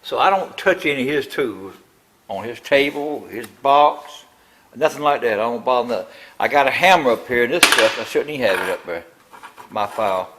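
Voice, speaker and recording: A man's voice: medium pitch, fairly bright tone, a little hiss or hum, poor audio. An older man, talking through a tractor build in his machine shop in a rambling, grumbling way. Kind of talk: casual workshop vlog.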